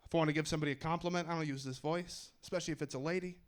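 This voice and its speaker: A man with a slightly high voice performs a stand-up set on a club stage with a handheld mic. His delivery is wry and self-mocking, with punchy timing. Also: steady tone, racing. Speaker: stand-up comedian. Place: comedy club stage in New York.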